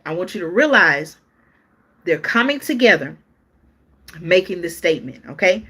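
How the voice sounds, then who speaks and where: A woman's voice: on the low side, expressive, normal speed, fairly bright tone, husky. A woman hosting a live-stream news show, reading articles aloud in a chatty way and talking straight to her viewers, often stopping to restart or look things up.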